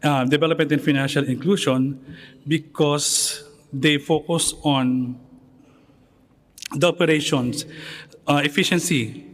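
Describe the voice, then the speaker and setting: A man answering a moderator on a conference panel, measured and somewhat formal. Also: on the high side, fairly even intonation. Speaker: association secretary general, panel speaker.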